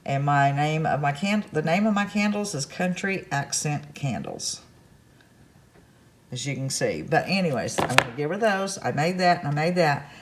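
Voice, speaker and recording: A woman's voice: low-pitched, lively intonation, normal speed, a little hiss or hum. Chatty country crafts woman in her kitchen. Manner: chatty and rambling, with folksy asides. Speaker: crafts vlogger host. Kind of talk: casual chat to camera. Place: home kitchen.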